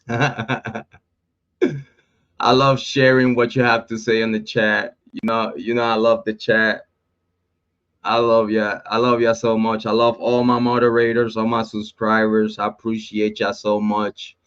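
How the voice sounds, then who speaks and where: A man's voice: mid-range voice, a bit bright. A man hosts a livestream in casual, profane talk. He laughs and mocks as he goes and greets viewers in the chat. The audio is dull and lo-fi. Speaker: livestream host.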